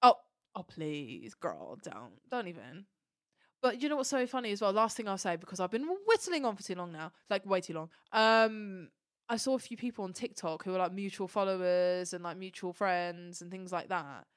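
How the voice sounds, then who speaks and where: A woman's voice: mid-range voice, fairly quick, smooth, dry recording, studio quality. Gushing young woman podcast co-host. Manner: gushing, emotional storytelling. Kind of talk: casual chat.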